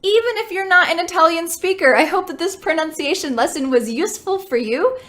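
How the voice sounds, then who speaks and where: A woman teaching English pronunciation, speaking clearly and slowing down to model sounds for learners. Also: extremely high pitch, a bit bright. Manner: slow, deliberate modeling of sounds. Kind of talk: pronunciation lesson.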